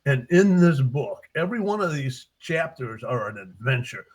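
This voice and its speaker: An older man, the book's author, walks through its story in a casual interview and animatedly performs his characters' voices. He speaks at normal speed and medium pitch on a low-quality recording.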